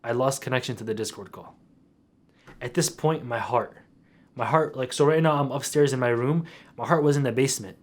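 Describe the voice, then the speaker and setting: A young man retelling a story for his vlog in an animated, slangy way. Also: mid-range voice, brisk. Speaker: YouTuber.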